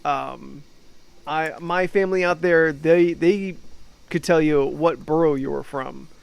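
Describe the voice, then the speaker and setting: A young man with a New Jersey accent chatting casually as a podcast co-host, rambling and halting with fillers. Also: fairly high pitch, gravelly, smooth. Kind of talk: casual chat.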